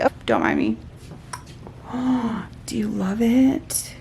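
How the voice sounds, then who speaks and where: A woman vlogging a casual unboxing, gushing and excitable, often talking to herself. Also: a little high, slow, a little hiss or hum.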